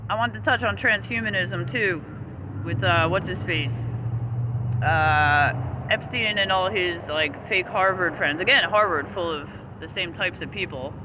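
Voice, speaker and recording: A man with a high-pitched voice rants in a profane, agitated, rambling way. Traffic and street noise run loudly behind him outdoors. He talks straight to the camera as a vlogger. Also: unhurried, long pauses. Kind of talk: angry ranting monologue.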